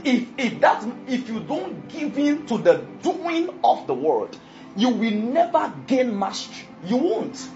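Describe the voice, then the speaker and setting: This mid-range, slightly mellow voice swings widely in pitch while keeping a measured pace. It belongs to a preacher giving a forceful sermon and often checking whether the congregation follows, with soft music behind and a dull lo-fi sound.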